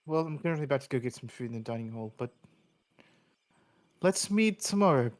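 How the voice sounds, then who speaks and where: A man's voice: mid-range voice, animated, brisk, lightly acted. A man doing a cocky English demigod girl. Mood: boastful. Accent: put-on English. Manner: cocky, hesitant fillers. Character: confident young female demigod, chess rival.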